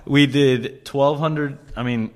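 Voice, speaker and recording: A man's voice: medium pitch, fairly even intonation, slow, a little mellow. A man hosting a podcast, telling kitchen stories in casual chat, swearing freely and laughing as he talks. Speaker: podcast host.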